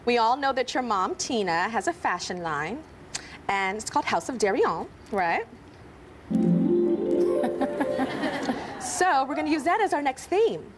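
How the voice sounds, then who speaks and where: A woman's voice: a little high, sing-song, slow, long pauses, over music. A woman in her thirties hosting a talk show, playful and joking, laughing often. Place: TV studio with live audience. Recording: studio audience and noise behind.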